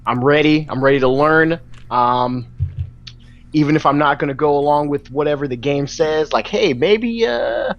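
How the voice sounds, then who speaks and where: A man's voice: a little high, fairly even intonation, moderate pace, slight background noise. A man joining a podcast over a video call, chatting hesitantly with lots of ums. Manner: hesitant, many ums, playful. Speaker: podcast guest. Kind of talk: casual chat. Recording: dull lo-fi video call audio.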